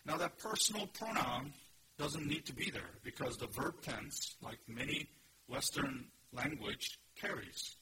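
A man's voice: medium pitch, sharp tone, a little hiss or hum, low-quality recording. A man preaching a sermon, teaching earnestly and emphatically and asking his listeners questions. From Korea. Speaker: pastor. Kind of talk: expository sermon.

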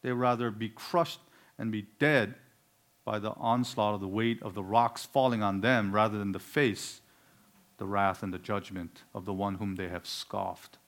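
A man preaching a sermon, swinging between loud, emphatic declarations and low, quiet asides. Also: fairly even intonation, measured pace.

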